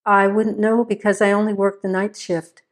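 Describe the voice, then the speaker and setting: A brisk, matter-of-fact night nurse, as a woman reader voices her. She speaks plainly at a middle pitch, a storybook side character with no fuss. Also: little pitch movement, close to an everyday voice.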